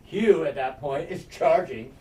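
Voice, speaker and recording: A man in casual podcast chat, excitedly recapping a TV episode, swearing and acting out scenes with sound effects. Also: on the high side, measured pace. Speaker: podcast co-host. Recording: echoey room, mic at a distance, faint noise.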